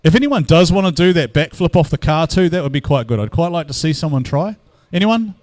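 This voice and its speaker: A man's voice: fairly high pitch, lively intonation, fast talker, a little mellow, dry recording. A man commentating live at an outdoor drift event, bantering and teasing the crowd between battles.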